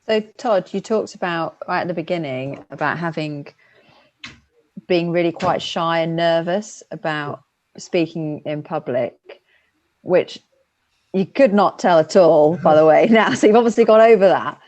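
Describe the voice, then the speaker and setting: Woman, workshop attendee, friendly and curious, lowish voice, video call. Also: a little slow, darkish tone, lo-fi sound. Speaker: workshop attendee asking a question. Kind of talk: casual questioning.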